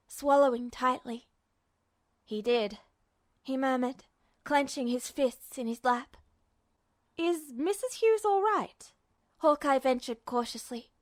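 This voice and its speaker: A woman reading fan fiction aloud as a podfic narrator, in a measured, steady way. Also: high-pitched, no echo, studio quality. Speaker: podfic reader.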